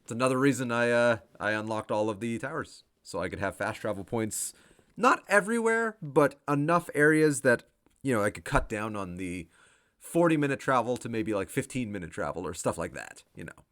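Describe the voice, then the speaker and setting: Man, casual game commentary, animated pitch, frequent laughter, casual swearing. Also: a little fast. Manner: laughs often, swears casually, thinks aloud. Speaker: game streamer. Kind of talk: let's play commentary.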